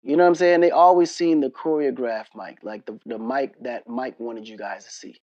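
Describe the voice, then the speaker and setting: A man as an interview guest, telling casual, animated stories full of slang and laughter. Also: medium pitch, normal speed, dry recording, lo-fi sound. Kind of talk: casual storytelling conversation.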